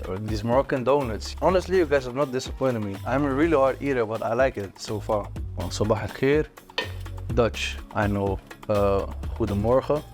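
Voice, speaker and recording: A man's voice: mid-range voice, normal speed, a little mellow, soft background music. A young man and singer chatting playfully while tasting breakfasts, laughing often and joking around. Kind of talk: casual food-tasting chat.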